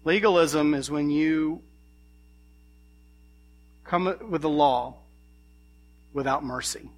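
Male preacher with a bright tone, earnest sermon, questions to the congregation. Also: a little high.

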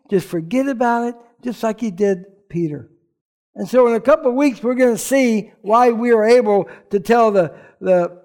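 A man's voice: high-pitched, a little mellow. A man preaching a sermon, telling stories conversationally with humor between points. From rural background. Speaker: pastor.

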